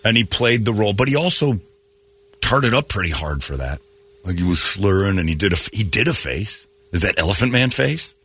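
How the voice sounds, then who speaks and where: A man's voice: fairly low pitch, big pitch swings, fairly quick, fairly bright tone, slightly rough. A man hosting a morning radio show, ranting bluntly and joking in opinionated banter.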